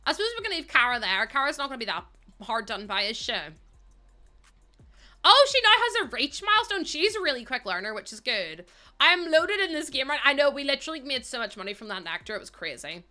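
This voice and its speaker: Bright chatty young woman streamer. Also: a little high, very animated, fast. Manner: chatty, talks to game characters and chat, laughs often. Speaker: streamer playing a life-sim game. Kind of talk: casual livestream chat while playing.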